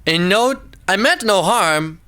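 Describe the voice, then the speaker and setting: Bright high-voiced man reading a rhyming story. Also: lively intonation, slow pace, clear, resonant tone. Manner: sing-song rhyming delivery, pitch swooping up and down.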